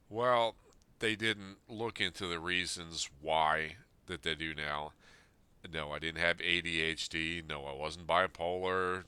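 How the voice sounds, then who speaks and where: A man's voice: deep voice, level tone, measured pace, bright, forceful tone, smooth, no room sound. A man in his fifties, a podcast host, reading a personal letter aloud and then talking it over in an earnest, plain-spoken way. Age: 50s.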